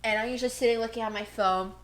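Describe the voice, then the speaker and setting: A woman co-hosting a casual podcast at home, ranting in a rambling, animated way into a cheap headphone mic. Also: on the high side, racing. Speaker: podcast co-host.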